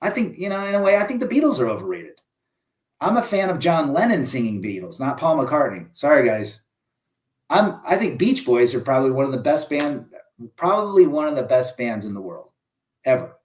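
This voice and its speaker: A man's voice: a little high, sing-song, a little fast. Blunt male host, echoey room. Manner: reads viewer comments aloud and answers them; opinionated, blunt. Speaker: live stream host. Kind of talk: casual live-stream chat.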